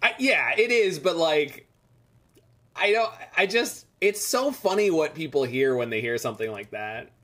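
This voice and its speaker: A man's voice: fairly high pitch, lively intonation, a little slow, fairly bright tone. A man streaming a game, chatting casually and rambling as he reads the chat aloud. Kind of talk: casual live-stream chat over gameplay.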